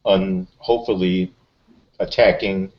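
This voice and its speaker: Male player, deep voice, halting and polite, lo-fi call audio. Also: steady tone. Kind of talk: casual chat during a game.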